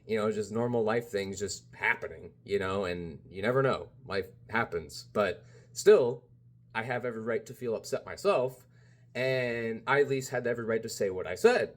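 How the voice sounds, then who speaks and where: A man's voice: lowish voice, normal speed. A man vlogging in a casual, rambling monologue, full of "you know", "like" and "bro". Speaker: spiritual vlogger.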